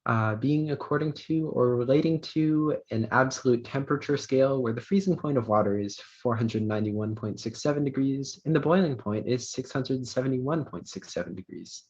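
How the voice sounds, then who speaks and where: A man acting as pronouncer at an online spelling bee, reading words and definitions in a measured way with small fillers. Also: mid-range voice, darkish tone. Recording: dull lo-fi online audio.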